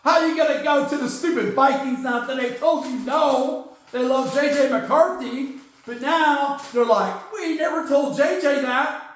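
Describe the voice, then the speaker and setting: A man's voice: very high voice, unhurried. A man putting on a frantic, indignant voice that stammers through a complaint. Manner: flustered, stammering rant. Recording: very echoey room.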